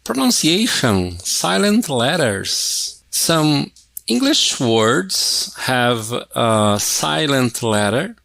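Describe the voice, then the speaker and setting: A man's voice: mid-range voice, big pitch swings, extremely slow, creaky, fairly bright tone, no room sound. A man teaching English, thinking aloud and repeating words as he works through exercises. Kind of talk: casual classroom walkthrough.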